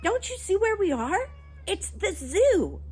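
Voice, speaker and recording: A woman voicing a quick, bossy young girl who urges her little brother along in a storybook reading. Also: high-pitched, sing-song, darkish tone, voice pushed up. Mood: urgent.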